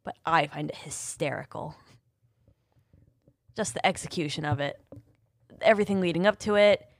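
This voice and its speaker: A woman's voice: sits low, normal speed, no echo. A woman chats casually as she reviews a TV episode. She is blunt, laughs easily and swears freely. She acts out scenes with funny sound effects. The room sounds dry and close. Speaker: podcast co-host.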